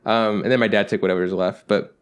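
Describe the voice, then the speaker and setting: Fast-talking man telling rambling stories. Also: fairly low pitch, steady tone, smooth. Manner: rambling anecdotes with acted-out quotes, swears freely. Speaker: podcast co-host. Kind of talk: casual storytelling chat.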